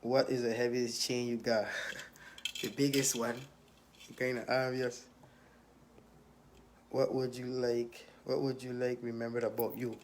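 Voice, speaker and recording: A young man with a thick Virgin Islands accent talks in an easygoing, streetwise way, tossing in tag questions as he answers fan questions. His voice sits at an ordinary middle pitch, and a faint hiss runs under it. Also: little pitch movement, a little slow, pauses often. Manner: laid-back, streetwise, with repeated tag questions. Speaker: rapper. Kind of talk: casual Q&A, reading questions aloud.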